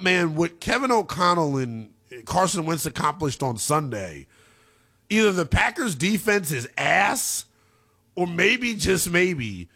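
A man hosting a late-night sports talk radio show, breaking down football stats in a lively, analytical way. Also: a little high. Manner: animated, analytical, talks through stats.

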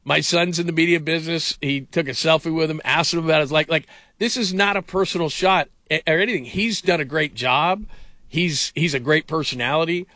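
Middle-aged man, sports radio host, rambling anecdotes, bright forceful voice, dry close mic. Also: on the high side, brisk, dry recording. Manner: rambling storyteller, heavy on fillers. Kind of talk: casual sports talk radio.

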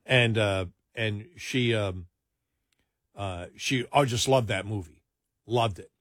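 A man's voice: fairly low pitch, takes it slowly, fairly bright tone, dry recording, studio quality. A man hosting a casual talk show, rambling and correcting himself before building to emphatic points.

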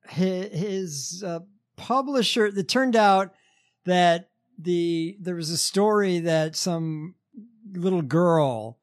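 A man hosting a podcast in casual chat, telling stories haltingly with many fillers and a sardonic edge. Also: high-pitched. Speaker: podcast host.

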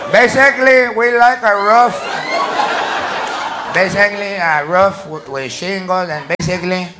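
Comic doing a pompous roofing estimator. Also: male voice, high voice. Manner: slow and stilted, self-important. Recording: live club with crowd and noise.

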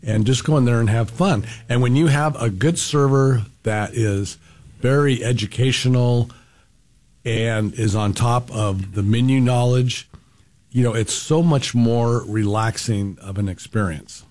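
A man, a restaurant owner, talking as a guest on a radio show in a relaxed, explanatory way. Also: mid-range voice, unhurried. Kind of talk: casual radio interview.

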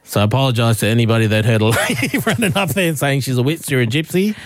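Brief: Australian male radio host, middle-aged, lively storyteller, dead-dry studio sound, mid pitch. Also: quick pace, no room sound. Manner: animated anecdote, laughs often. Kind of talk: casual storytelling chat.

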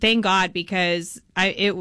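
A young woman whose voice is worn by laryngitis, yet still comes across smooth and resonant. She talks in halting restarts and laughs often. The sound is close and dry, with no room around it. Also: lowish voice, fairly even intonation, sharp tone, no room sound. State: laryngitis, losing her voice. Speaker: guest. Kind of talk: casual chat.

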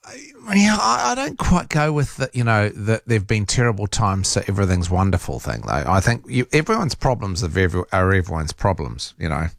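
A New man with a fairly low voice hosts a relaxed radio chat. He asks questions and stumbles over words now and then. His sound is close and dry. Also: fairly quick, vocal fry, dry recording.

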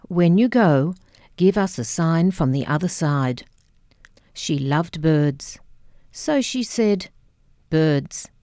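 A woman reading the part of a blunt, grieving immigrant mother in an audiobook, speaking in a quiet, measured way. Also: lowish voice, no room sound, clean studio sound. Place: radio studio.

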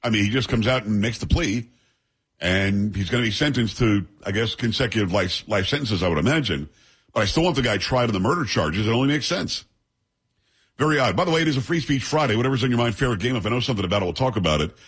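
A man hosting a talk radio show, giving brisk, opinionated commentary and teasing his co-hosts. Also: lowish voice, expressive, a bit bright, slightly rough.

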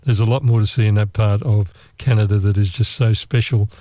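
An Australian man telling a travel story in a relaxed, meandering, chatty way, with asides and restarts. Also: fairly low pitch, fairly quick, no echo. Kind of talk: relaxed travel anecdote monologue.

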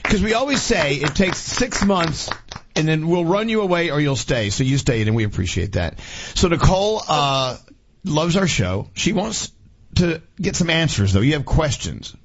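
A middle-aged male radio host with a husky, slightly breathy voice, talking in a loose, chatty way. He laughs easily and tells stories. The sound is dull and lo-fi. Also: a little high, big pitch swings, moderate pace. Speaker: radio morning show host. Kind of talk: casual radio talk.

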